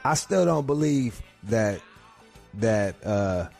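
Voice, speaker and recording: A man's voice: on the low side, expressive, takes it slowly, a little mellow, faint music behind. A man hosting a podcast from home, telling profane, rambling comic stories. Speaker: podcast host. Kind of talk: crude comedic rant. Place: home couch.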